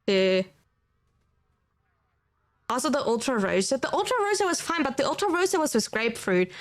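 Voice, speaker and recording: A woman's voice: sits high, big pitch swings, normal speed. A woman from Germany with a German accent, streaming and chatting casually, rambling and filling her talk with "like" as she answers chat. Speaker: livestreamer.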